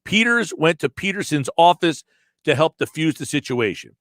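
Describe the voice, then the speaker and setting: A man hosting sports talk radio, breaking down a news article with animated delivery and acted-out quotes. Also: a little high, moderate pace, no echo, clean studio sound. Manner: animated, reads article quotes aloud and acts out tones.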